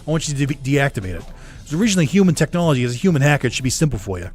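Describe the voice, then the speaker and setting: A haughty male demon lord from a video game speaks with a put-on Boston accent, as a streamer reads his lines. He talks in stiff, formal, contemptuous sentences, pushing a little higher and louder than everyday talk, with faint game music behind. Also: sing-song, rapid-fire, natural voice.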